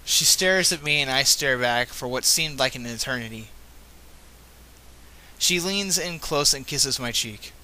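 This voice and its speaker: A man's voice: mid-range voice, animated, a little slow, bright, forceful tone. A man reading fan fiction aloud, breaking off with casual, self-correcting asides. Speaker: reader.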